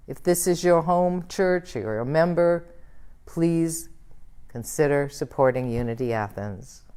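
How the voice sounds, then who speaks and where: A woman minister leading a church service, guiding prayer and affirmations in a slow, soothing way. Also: sits low, mellow, clean tone. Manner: slow, soothing, leads the congregation in call-and-response. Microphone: livestreamed church service.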